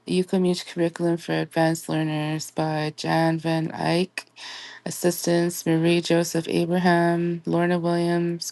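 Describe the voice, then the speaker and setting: A woman teaches a recorded language lesson, sounding out each word form slowly and with care. Her voice sits low and stays flat, with little rise or fall. The recording is dry and close. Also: no room sound. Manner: slow and deliberate, spelling out word forms.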